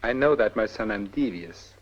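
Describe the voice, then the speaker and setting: An actor playing a middle-aged industrialist in a film drama, mocking and irreverent, snapping orders in between jokes. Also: male voice, fairly low pitch, lively intonation, moderate pace, lo-fi sound. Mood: commanding. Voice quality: wry and mocking, abruptly commanding. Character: sardonic, irreverent, paranoid rich old man. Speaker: rich industrialist.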